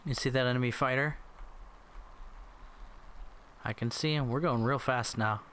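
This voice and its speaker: A man's voice: medium pitch, unhurried, a bit bright, a little hiss or hum. A man giving silly, rambling commentary while playing an air combat game, often slipping into mock voices. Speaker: gameplay commentator. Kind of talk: goofy gameplay commentary.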